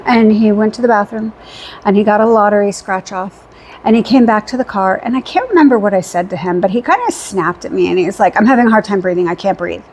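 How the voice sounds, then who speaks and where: A woman's voice: mid-range voice, brisk, slight background noise. Chatty woman telling a weekend story. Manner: chatty, rambling, with fillers; animated retelling with quoted dialogue. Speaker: vlogger. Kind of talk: casual storytelling recap.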